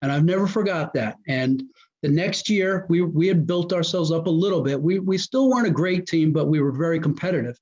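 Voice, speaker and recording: A man, a former high school football coach, telling old stories as a guest and acting out what people said. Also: a little fast. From New Jersey. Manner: animated storyteller who acts out quoted dialogue. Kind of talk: casual storytelling interview. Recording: muffled lo-fi audio.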